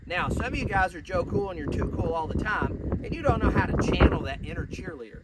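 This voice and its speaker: A man with a drawl and a fairly high voice teaches dog training outdoors by a pond. He explains patiently between bursts of coaching cheers. He is picked up from some distance, with loud outdoor noise behind him. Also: big pitch swings, a little fast, hardly any pauses.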